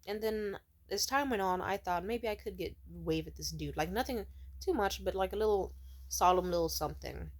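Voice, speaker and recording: A woman's voice: on the low side, brisk. A young woman vlogger sitting at home, telling a rambling, profane story full of "like" fillers. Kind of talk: casual storytelling rant.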